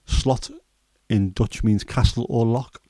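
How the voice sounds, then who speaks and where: A hoarse man in his fifties with a Scouse accent, chatting loosely on a livestream and wandering between jokes with plenty of ums. His voice is low and mellow, recorded dry and close. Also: fairly even intonation, normal speed, dry recording. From Liverpool, England. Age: 50s. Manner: rambling, jokey, many fillers. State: hoarse throat. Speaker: livestream host. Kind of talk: casual chat.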